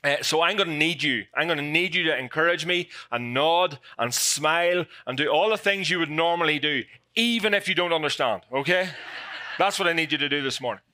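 A man's voice: a little high, fairly quick, pushed and bright, no echo. A man with a Northern Irish accent preaching as a guest pastor, joking about himself and getting emotional. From Ireland. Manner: jokey, self-deprecating, emotional. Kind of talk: sermon. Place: church sanctuary.

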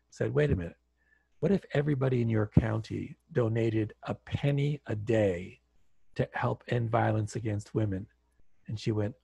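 A man's voice: fairly low pitch, vocal fry, slightly rough, no echo. A man guest speaker from Canada, telling stories on an online call and acting out the dialogue with energy. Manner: animated storyteller acting out dialogue. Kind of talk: storytelling talk.

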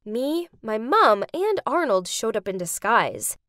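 A young woman narrating an animated story in the first person, dramatic and expressive. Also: on the high side, slow, no room sound, studio quality.

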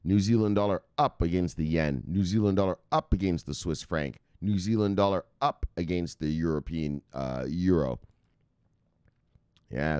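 This crypto news host speaks low and darkish, and his tone is clean, with no echo and studio-quality audio. His casual, rambling chat reacts to market charts live, full of frequent swearing and rising hype.

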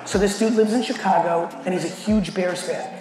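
A middle-aged man giving a blunt, animated keynote to a company audience and swearing constantly as he tells a story. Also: sits high, a little fast. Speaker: keynote speaker. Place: large hall at a company event. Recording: echoey hall with faint music.

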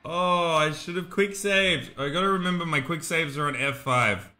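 A man streaming a video game, giving casual, excitable commentary with frequent exclamations. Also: on the high side, normal speed. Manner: excitable, exclaims and laughs often.

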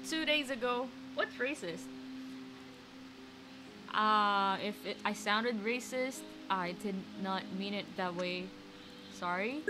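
Streaming a card game from home, this woman provides live gameplay commentary, chatty and excitable as she reacts aloud to every play. Her mid-range voice is slow with long pauses, heard over music in a low-quality recording.

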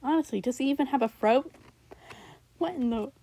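A young woman reacting to her old raps in a casual, rambling way, switching between loud outbursts and mumbled asides. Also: high voice, moderate pace, low-quality recording.

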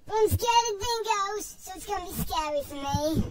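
Someone voicing a squeaky jittery gnome wildlife expert. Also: moderate pace, a crowd in the background, rough recording. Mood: chipper. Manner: excitable, yelps and cries out; sprinkles in Outback slang. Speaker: comic wildlife show host. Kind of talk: amateur video-game comedy sketch.

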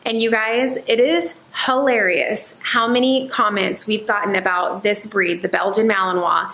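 A woman chatting casually to her vlog viewers, animated and storytelling. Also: medium pitch, moderate pace. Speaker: vlogger. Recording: echoey room.

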